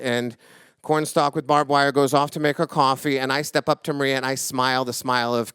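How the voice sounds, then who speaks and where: A man in his forties telling a true story live on stage into a microphone, swinging from loud indignation to hushed reflection. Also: mid-range voice, clear, resonant tone, no room sound, clean studio sound.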